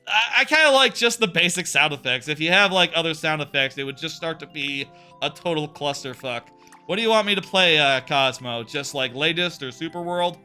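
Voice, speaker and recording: A man's voice: fairly high pitch, animated, fairly quick, pushed and bright, faint music behind. A man streaming a video game live, chatting casually and answering his viewers' questions as he plays. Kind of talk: casual live-stream chat while gaming.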